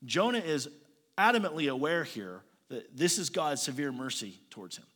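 A man preaching a sermon as pastor, moving between loud emphatic lines and quiet asides. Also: fairly high pitch, very animated, moderate pace, in a large hall.

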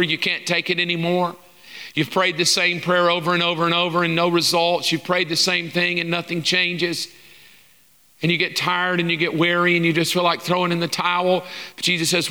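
Bright-voiced man preaching with conviction. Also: high-pitched, smooth, in a large hall. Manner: impassioned, with rapid rhetorical questions. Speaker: pastor. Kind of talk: sermon.

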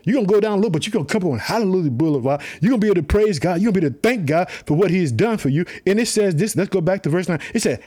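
A man preaching a fervent sermon, repeating phrases, calling out hallelujah and reading scripture slowly and solemnly. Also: sits high, animated, darkish tone. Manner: fervent, repetitive preaching with call-and-response.

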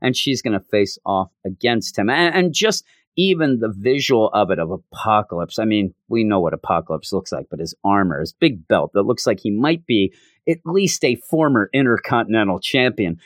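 A man's voice: fairly low pitch, animated, normal speed, no room sound, clean studio sound. Rambling man hosting a podcast. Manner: rambling, self-interrupting. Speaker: podcast host. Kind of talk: casual comic book review.

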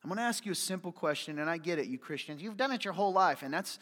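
A man's voice: sits high, lively intonation, racing. Impassioned male preacher in a reverberant hall. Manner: impassioned, swings from hushed near-whispers to loud urgent appeals. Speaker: pastor. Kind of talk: sermon.

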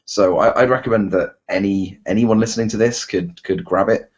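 Man, Bristol accent, very low husky voice, rambling podcast chat, dull lo-fi sound. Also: fairly even intonation, normal speed. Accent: Bristol English. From England. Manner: rambling, self-deprecating, many fillers and restarts. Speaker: podcast host. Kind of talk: casual chat.

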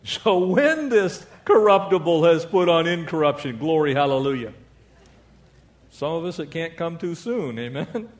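Male pastor, fairly high voice, lively sermon with call-and-response amens and jokes. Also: measured pace.

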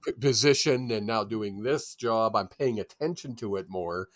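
A man's voice: lowish voice, normal speed, no room sound, clean studio sound. A man co-hosting a sports podcast, talking casually with teasing banter. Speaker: podcast co-host.

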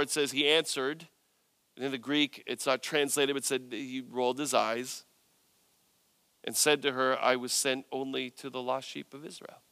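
Animated, bright-voiced male preacher. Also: fairly high pitch, dry recording. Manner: animated storytelling, voices quotes with rising intensity. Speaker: pastor. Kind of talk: sermon.

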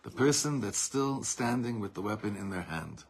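A man's voice: fairly low pitch, expressive, moderate pace, slightly rough. A man teaching a Torah lesson as a rabbi, speaking with passion and emphasis, repeating phrases for force and mixing Hebrew terms into his English.

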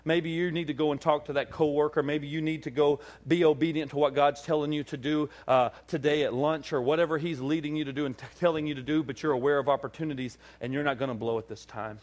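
Man preaching an animated story sermon. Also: fairly high pitch, fast, hardly any pauses. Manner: animated storytelling, acting out dialogue. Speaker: pastor. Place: church service.

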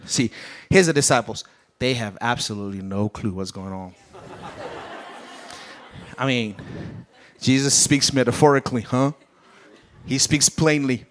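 A man's voice: medium pitch, animated, measured pace, fairly bright tone. A man preaching a sermon with a British accent, acting out the Bible characters as he goes. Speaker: pastor.

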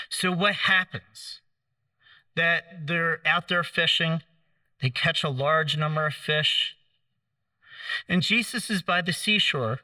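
Male preacher, kinda high voice, dry sound, sits a bit far from the mic, acts out the lines while telling the story. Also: dry recording. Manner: storytelling, acts out quotes, gentle humor. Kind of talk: sermon.

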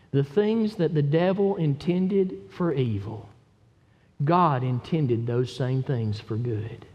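A high-pitched man delivering a sermon from a church pulpit. He moves between steady Scripture teaching and impassioned, emphatic exhortation. His voice carries a long reverb from the sanctuary. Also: lo-fi sound. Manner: impassioned, rising to loud emphatic preaching. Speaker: pastor.

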